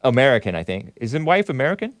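A male talk show host chats loosely on air, wandering from point to point and correcting himself as he goes. His pitch swings widely and expressively, and the sound is close and dry with no room echo. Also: sing-song, fast talker. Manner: rambling, wry asides, frequent self-corrections. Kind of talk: casual call-in show chat.

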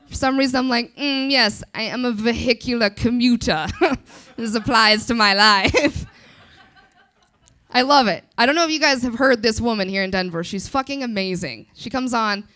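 A woman in her twenties doing a live stand-up set, self-deprecating and crude, with quick asides to the crowd. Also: fairly high pitch, a bit bright. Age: 20s. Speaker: stand-up comedian.

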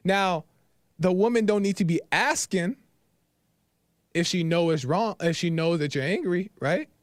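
A man's voice: high-pitched, unhurried, dry recording, clean studio sound. A man hosting a call-in talk show, sharing his opinions earnestly and repeating his points for emphasis.

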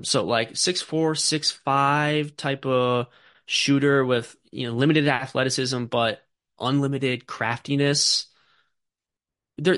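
A man's voice: mid-range voice, bright, forceful tone, dry recording. A man co-hosting a casual sports podcast, rambling and filler-heavy and swearing offhandedly. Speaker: podcast co-host.

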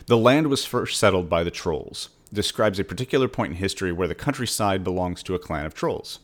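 Man, author, reads his writing lesson aloud, measured, conversational, lowish voice. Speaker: author reading his newsletter.

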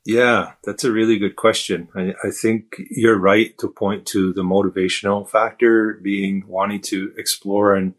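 Relaxed low-voiced man telling a story. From Canada. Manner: relaxed, self-deprecating, frequent fillers. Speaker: guest. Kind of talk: casual storytelling.

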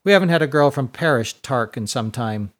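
A man's voice: mid-range voice, animated, a little fast, natural voice. A man voicing a harsh older head nun in a storybook reading, speaking in clipped growls through his teeth. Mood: stern.

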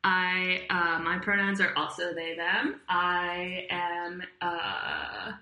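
A woman's voice: fairly low pitch, steady tone, slow pace, bright, forceful tone. A woman co-hosting a casual podcast, giggly and teasing, recorded through a computer microphone. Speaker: podcast co-host. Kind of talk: casual chat. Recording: echoey room through a computer mic, faint noise.

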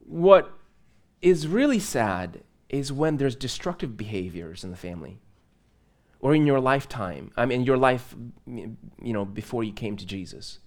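Chatty pastor with a lively voice. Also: male voice, medium pitch, a little slow. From Moldova. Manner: chatty, conversational preaching with laughs and asides. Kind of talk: live sermon. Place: church.

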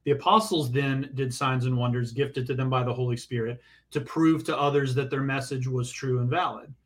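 Male podcast guest, measured and explanatory delivery. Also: medium pitch, steady tone. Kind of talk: explaining theology in conversation.

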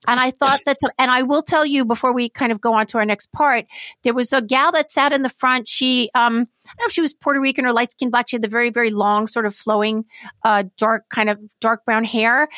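An earnest woman co-hosting a chatty podcast, with a fairly high voice. She rambles and circles back, open about being moved. The recording is close and dry. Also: fairly quick, a bit bright, no room sound. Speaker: podcast co-host. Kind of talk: casual chat.

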